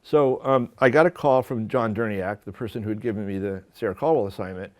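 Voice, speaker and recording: A man, a photographer, telling stories from his career to an audience in a lively, self-deprecating way with many restarts. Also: on the low side, brisk. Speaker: photographer giving a talk. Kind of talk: storytelling lecture. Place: lecture hall at an art school.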